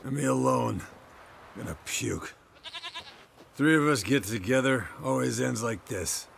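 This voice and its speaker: A groggy, gravelly drunk witcher. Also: medium pitch, a little slow, a bit bright, slight background noise. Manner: groggy, grumbling. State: drunk, queasy. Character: hungover scarred male witcher, groggy and grumbling.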